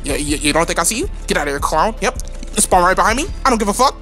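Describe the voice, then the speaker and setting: A man giving live gameplay commentary at home late at night, trash-talking opponents and swearing a lot, with sudden high-pitched yells. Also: rapid-fire, soft background music. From United States. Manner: excitable trash talk with frequent swearing. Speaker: gaming channel host.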